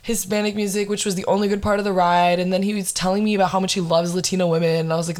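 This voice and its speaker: A young woman in her twenties, a podcast host telling a dating story in casual chat, animated and full of "like". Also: medium pitch, fast. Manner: animated, heavy use of "like".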